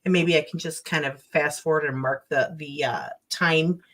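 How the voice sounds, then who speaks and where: A woman's voice: low voice, fairly even intonation, moderate pace, fairly bright tone. A woman with a Minnesota accent hosting a casual late-night livestream chat from home, joking, laughing and swearing freely. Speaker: livestream host.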